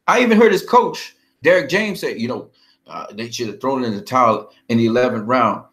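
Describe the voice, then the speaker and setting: A man's voice: mid-range voice, expressive, brisk, fairly bright tone. A man vlogging about boxing in a heated, profane, confrontational rant. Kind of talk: ranting fight commentary.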